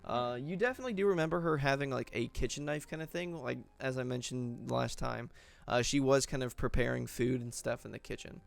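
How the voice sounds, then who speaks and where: A man's voice: medium pitch, a little fast, gravelly. A man narrating as game master of a tabletop game, in a rambling way with many fillers.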